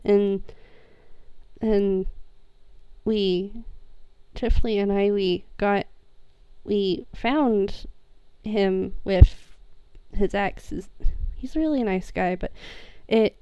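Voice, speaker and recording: A woman playing a troubled young person in a tabletop role-play, speaking haltingly with many restarts. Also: mid-range voice, dark tone, clean tone, no echo, close to an everyday voice. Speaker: player. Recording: muffled lo-fi mic.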